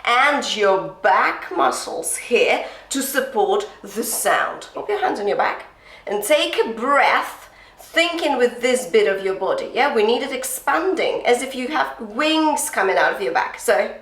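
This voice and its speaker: Female vocal coach, encouraging and directive, bright tone, echoey room. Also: on the high side, expressive, a little slow. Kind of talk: singing lesson with sung demonstrations.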